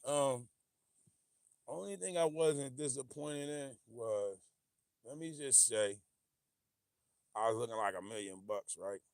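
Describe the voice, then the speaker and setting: A gravelly man with rambles through a casual livestream, animated and easily sidetracked, laughing as he reads viewer comments. His voice is dry and close to the mic, with no room sound. It sits at an ordinary pitch for a man. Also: a little slow, long pauses, dry recording. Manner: rambling and animated, loses his train of thought, laughs often. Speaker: livestream host.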